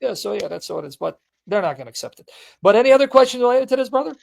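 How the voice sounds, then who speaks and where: Man, high voice, gravelly, blunt teasing host, emphatic repetition. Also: animated, very fast. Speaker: apologetics show host. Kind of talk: live call-in debate chat.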